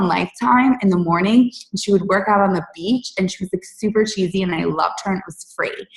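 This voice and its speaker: A woman in her late thirties telling her personal story to her team in a candid, chatty way, with plenty of "like" and "you guys". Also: medium pitch. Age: 30s. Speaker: fitness coach speaking on a team call. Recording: roomy, distant from the mic.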